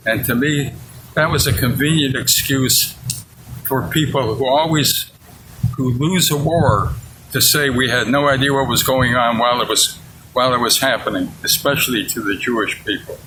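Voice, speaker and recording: A man's voice: mid-range voice, unhurried, very noisy. A man in his eighties recounts a personal memory in an interview, earnest and candid, acting out the dialogue he remembers. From United States. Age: 80s. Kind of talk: personal storytelling.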